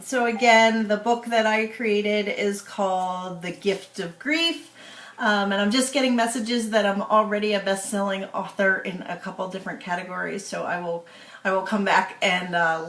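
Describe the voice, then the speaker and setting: A woman author giving a casual, tearful video update to her followers, talking slowly and haltingly with many fillers. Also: medium pitch, fairly even intonation, fairly bright tone, echoey room.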